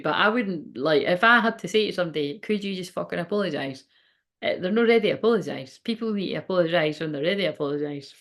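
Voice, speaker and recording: A woman, giving a casual, rambling tarot reading, swearing freely and laughing often. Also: on the low side. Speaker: tarot reader and medium.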